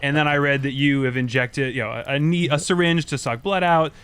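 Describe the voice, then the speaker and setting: A man interviewing a guest, asking questions with halting restarts and self-deprecating jokes. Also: a little high, fairly even intonation, a bit bright, clean tone. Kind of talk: casual interview.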